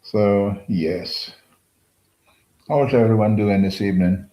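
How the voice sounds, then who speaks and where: A man's voice: lowish voice, steady tone, takes it slowly, warm tone. A British man hosting a casual live stream, greeting viewers by name and rambling with many fillers. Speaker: livestream host. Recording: roomy echo.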